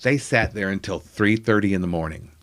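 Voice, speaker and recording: A man's voice: fairly low pitch, fairly quick. A man who is a comedian guest, telling a rambling story in a casual way, with many asides and fillers.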